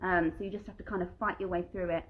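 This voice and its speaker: A woman's voice: on the low side, steady tone, very fast, narrow, tinny audio. A woman at home answering viewer questions in a casual livestream, reading each question aloud and then replying in a chatty way. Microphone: phone livestream.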